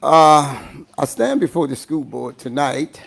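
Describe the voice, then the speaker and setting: A man from Louisiana, hoarse and losing his voice, making an urgent, emphatic public comment at a school board meeting while rushing against a time limit. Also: on the high side, expressive, fairly bright tone.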